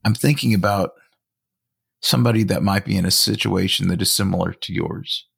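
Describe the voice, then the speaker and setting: Low gravelly male interviewer. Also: brisk, a bit bright. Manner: thoughtful, restarts phrases while posing questions. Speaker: interviewer, college professor. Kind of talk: conversational interview questions.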